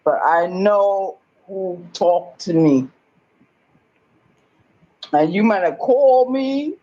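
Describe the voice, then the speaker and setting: An agitated woman rambles through an emphatic monologue, swearing freely and circling back over the same points. She talks slowly and at middling pitch. The sound is dull and lo-fi, like a phone recording. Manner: emphatic, swears often, repeats herself.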